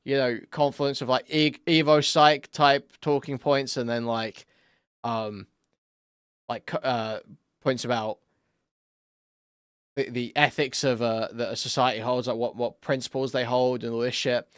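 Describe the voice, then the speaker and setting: Crude, rambling young streamer, smooth voice. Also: male voice, mid-range voice, little pitch movement, a little slow, a bit bright, no room sound, clean studio sound. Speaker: streamer commentator. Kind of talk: profane ranting commentary.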